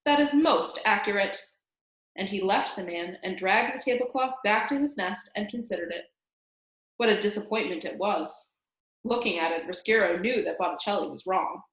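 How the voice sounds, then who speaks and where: A woman's voice: mid-range voice, moderate pace. Woman reading a children's novel aloud. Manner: expressive, addresses listener as "reader". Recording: roomy echo.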